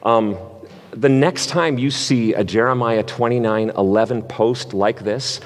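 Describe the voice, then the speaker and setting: Pastor preaching in an echoing hall. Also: male voice, medium pitch, unhurried. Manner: playful, energetic game-show hosting. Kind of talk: sermon. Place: church sanctuary. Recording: long hall reverb.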